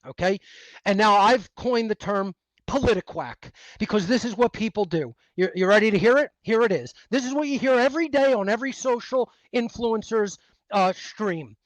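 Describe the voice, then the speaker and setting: A man rants in a high voice, swearing and hammering his points home. The sound is dry and close, with no room around him. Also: normal speed, no room sound, low-quality recording. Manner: profane, emphatic ranting. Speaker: interview guest. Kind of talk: heated monologue.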